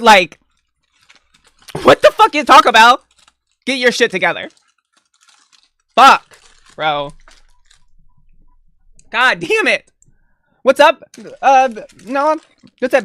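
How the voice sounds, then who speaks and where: Eating on a live stream, a young woman with a higher-pitched voice chats casually and swears constantly. She sits close to a desk mic and keeps breaking into laughter and loud outbursts.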